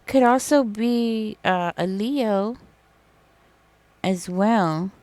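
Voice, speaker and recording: A woman's voice: mid-range voice, extremely slow, a little mellow, no echo. A woman giving a casual tarot reading, chatty and rambling as she thinks aloud. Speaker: tarot reader.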